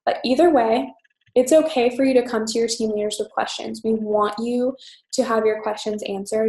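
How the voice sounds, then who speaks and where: A young woman team leader giving a fast, chatty, upbeat orientation talk full of "um" and "you guys". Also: fairly high pitch, a little mellow. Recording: echoey room.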